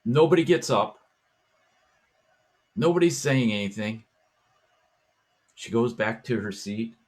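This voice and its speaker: A man hosting a talk show, telling a story in a casual, animated way and acting out voices and chants as he goes. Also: mid-range voice, slow pace. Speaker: podcast host.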